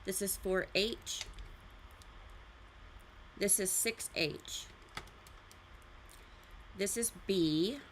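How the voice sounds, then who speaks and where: A woman's voice: medium pitch, very slow, pauses often, slight background noise. Chatty woman hosting a live drawing session. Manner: chatty, rambling, explains as she goes. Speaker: art livestream host. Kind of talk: casual live drawing demonstration. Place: art studio.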